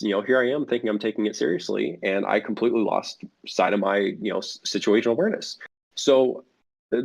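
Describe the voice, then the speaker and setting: A man's voice: on the low side, vocal fry, slightly rough. A man speaking as a guest for a flight sim network in a casual podcast interview, rambling with many fillers and restarts. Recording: dull lo-fi audio.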